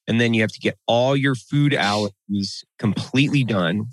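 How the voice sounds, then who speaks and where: A man with a lowish voice talks in a loose, opinionated way and swears freely. He gets lively when he rants, and the recording is dry and close. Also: moderate pace, dry recording. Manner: blunt, profane, animated when ranting. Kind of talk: casual chat.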